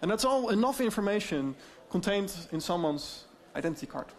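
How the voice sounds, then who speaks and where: Higher-pitched Dutch man presenting at a conference. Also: brisk. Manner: explanatory, lively, filler-heavy. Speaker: speaker on AI deepfakes. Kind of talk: conference talk.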